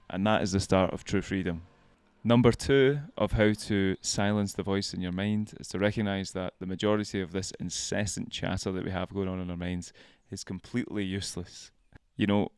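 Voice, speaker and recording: A man's voice: fairly low pitch, darkish tone, clean tone, no echo. A young Scottish man giving a casual self-help monologue, often laughing and swearing casually. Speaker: vlog host.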